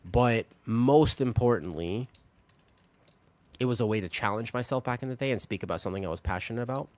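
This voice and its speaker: A man's voice: medium pitch, fairly quick, no room sound. A man streaming a game, chatting with his viewers and explaining things patiently while a little sick. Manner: explains patiently, lively and talkative, laughs often. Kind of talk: casual chat with stream chat while gaming.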